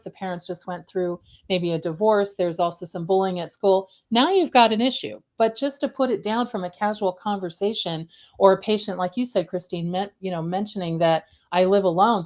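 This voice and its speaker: A middle-aged woman on a coding and compliance panel, telling stories in an animated way and laughing often. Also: lowish voice. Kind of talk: casual panel discussion.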